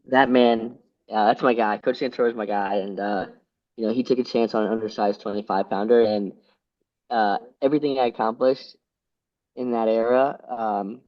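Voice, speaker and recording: A man in his late twenties from Pennsylvania, a former wrestler telling stories in an interview, rambling and restarting with lots of fillers. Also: lowish voice. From Pennsylvania, USA. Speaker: guest, former college wrestler. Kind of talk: casual interview storytelling. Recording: slightly dull lo-fi sound.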